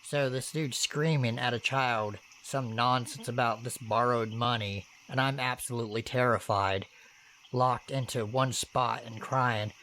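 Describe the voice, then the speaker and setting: A man narrating true horror stories in first person, with steady, earnest delivery and casual swearing. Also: mid-range voice, unhurried, slight background noise.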